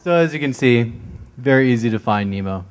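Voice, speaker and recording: Conference speaker, man, mid-pitched, easygoing, keeps checking in with "right?". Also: animated, fairly quick, smooth. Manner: casual, keeps asking "right?". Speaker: conference presenter. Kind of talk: security conference talk. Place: conference stage.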